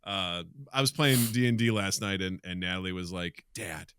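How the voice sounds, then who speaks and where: A man's voice: low-pitched, normal speed, clean tone, no echo, clean studio sound. A man in his thirties co-hosting a casual podcast, telling stories and acting out the people he quotes. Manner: animated storyteller, acts out quotes. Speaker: podcast co-host. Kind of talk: casual chat.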